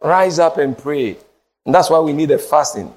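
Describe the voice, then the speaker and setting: A man preaching a sermon, mixing Twi and English, swinging from shouted peaks to low, quiet lines. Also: lively intonation, moderate pace, soft background music. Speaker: pastor.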